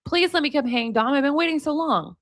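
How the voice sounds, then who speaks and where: A woman reading out the texts of a needy, anxious young woman pleading with her boyfriend, in her own plain, fairly high voice. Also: lively intonation, fairly quick, a bit bright. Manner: pleading, repetitive.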